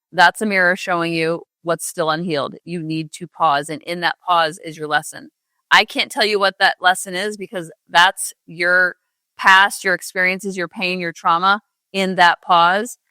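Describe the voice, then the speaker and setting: A woman's voice: mid-range voice, bright, forceful tone, dry recording. Middle-aged mom coach rambling on her podcast, sarcastic streak, dry close sound. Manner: chatty and rambling, with asides. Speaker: parenting coach and podcast host. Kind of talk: casual podcast monologue.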